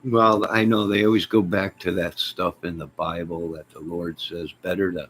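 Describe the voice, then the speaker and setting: A middle-aged man with a very low, deep voice chats loosely with his live viewers, wandering from point to point and answering their comments with mock exasperation. Faint background hum sits under his talk at home. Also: fairly even intonation, moderate pace, a bit bright. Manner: rambling, exasperated, talks back to chat comments. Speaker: YouTube live host. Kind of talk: rambling casual chat to viewers.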